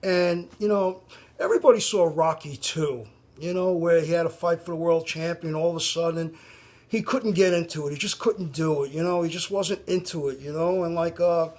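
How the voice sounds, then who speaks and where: Addressing a band straight to camera, a male fan makes a casual, rambling appeal full of restarts and repeated "you know." His voice is fairly high and darkish, at a normal speed.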